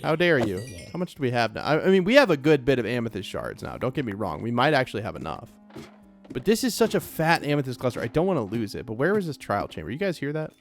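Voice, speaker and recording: A young man of ordinary pitch chats through his gameplay, cracking jokes and getting startled easily. He repeats phrases when flustered, with faint music underneath. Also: very animated, quick pace. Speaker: let's play gamer. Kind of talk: casual gameplay commentary.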